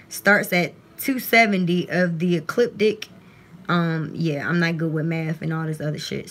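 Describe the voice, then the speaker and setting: A woman doing a casual, chatty live-stream tarot reading on her phone at home, partly reading aloud from a guidebook. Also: on the low side.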